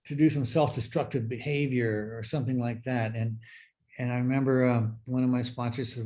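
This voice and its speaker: A middle-aged man sharing his recovery story at a workshop, speaking in a halting, reflective way with many fillers and restarts. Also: medium pitch, darkish tone. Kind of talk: personal sharing talk.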